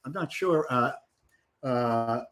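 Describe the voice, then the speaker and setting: A man author on a panel, hesitant at first, then reading a short story aloud in a measured way over a video call. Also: medium pitch, fairly bright tone.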